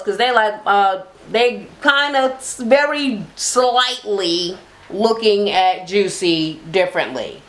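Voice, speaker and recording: A woman recaps a reality TV episode in a relaxed, drawling way, full of slang and heavy swearing, raising her voice to act out the people she quotes. Her voice is mid-range with lively intonation, and she takes her time.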